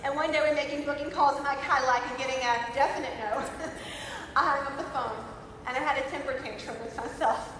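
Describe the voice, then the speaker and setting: A woman in her thirties giving an emphatic motivational speech at a conference, moving between loud declarations and soft, quiet passages. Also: high-pitched, fairly even intonation, brisk, slight background noise. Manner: emphatic, swings from shouting to soft. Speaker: conference speaker. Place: large conference hall. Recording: echoey hall, voice from far off.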